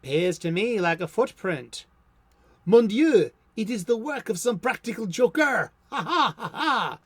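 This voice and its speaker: A man's voice: sits high, animated, unhurried, no echo, pitched above the performer's own voice. A man putting on a theatrical French accent, playing an exaggerated, hammy Frenchman. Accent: put-on French. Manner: exaggerated, loud, laughing.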